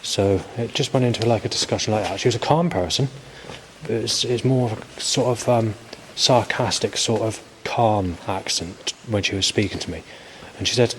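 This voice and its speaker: Speaking at a moderate pace in a lowish voice, a forties-aged vlogger wanders through a video diary. He hesitates, curses a lot and fills gaps with fillers, while faint background noise runs throughout.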